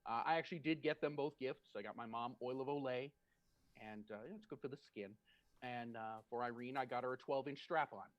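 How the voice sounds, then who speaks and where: A man's voice: medium pitch, brisk, dry recording, dull audio. A man doing stand-up over a video call, telling a story in a chatty, self-deprecating way and laughing at his own lines. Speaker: stand-up comedian. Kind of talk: stand-up storytelling on a virtual show. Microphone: home setup on a video call.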